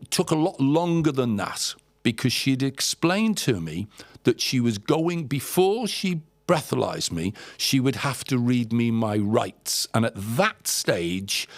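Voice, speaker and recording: A man's voice: medium pitch, gravelly, dry recording. A middle-aged man from England casually telling a rambling anecdote, repeating words and acting out what people said. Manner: rambling storyteller, repeats words, acts out quotes. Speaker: podcast guest telling travel stories.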